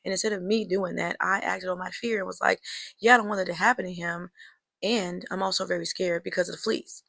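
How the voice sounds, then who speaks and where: Chatty woman with a gravelly edge. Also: lowish voice, steady tone, brisk, fairly bright tone, no echo. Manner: chatty, addresses viewers as girl and y'all; reflective, draws life lessons. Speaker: vlogger telling a personal story. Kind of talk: casual storytelling to camera.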